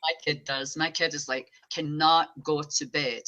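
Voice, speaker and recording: Chatty bright-voiced woman medium. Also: sits low, unhurried. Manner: chatty, animated storytelling. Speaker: psychic medium guest. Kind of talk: casual interview chat.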